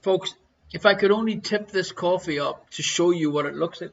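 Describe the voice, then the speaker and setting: A man's voice: sits high, moderate pace, vocal fry, muffled recording, slight background noise. An Irish man hosting a live online quiz from his living room, reading questions and answers with a jokey, chatty manner. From Ireland. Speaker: quiz show host.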